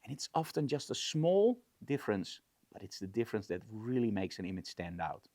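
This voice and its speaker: A man's voice: on the low side, very animated, a little fast, dark tone, no echo. A man explaining a studio lighting setup as a photography instructor, in an enthusiastic, conversational way.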